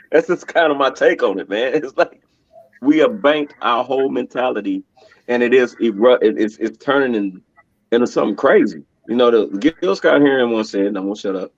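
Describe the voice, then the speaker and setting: A man's voice: medium pitch, brisk, no room sound. A man speaking as a podcast guest in casual conversation, telling stories with laughs and acting out quotes. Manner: animated, laughing storyteller who acts out quotes. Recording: dull, dry lo-fi sound.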